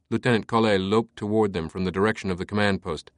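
A man narrating a thriller audiobook with measured, steady delivery. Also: lowish voice, no room sound, studio quality.

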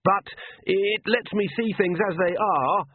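A man's voice: high voice, measured pace, narrow, tinny audio, slight background noise, voice pushed up. A man voicing a timid, earnest young male priest with a trembling, hesitant voice.

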